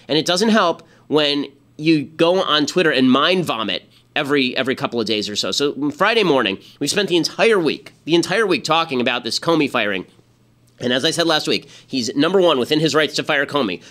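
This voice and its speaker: A man's voice: fairly high pitch, sharp tone. A man in his thirties hosting a political commentary show, talking in a sarcastic, exasperated monologue full of rhetorical questions.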